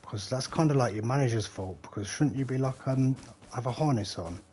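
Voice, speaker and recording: Chatty and loose, a middle-aged man swears freely as he plays on a live stream and responds to his chat. He speaks fairly quickly in a medium-pitched, mellow voice, rambling as he goes.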